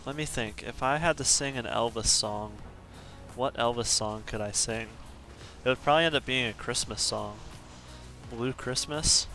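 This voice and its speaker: A man's voice: medium pitch, moderate pace, sharp tone, soft background music. A man chatting casually on a live game stream, chuckling often as he reads out viewer requests. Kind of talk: casual live-stream chat while gaming.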